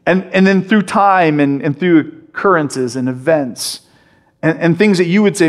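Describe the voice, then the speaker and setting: A man's voice: fairly high pitch, normal speed. A man preaching a sermon as a pastor, passionate and emphatic, often restarting his phrases as he pushes a point.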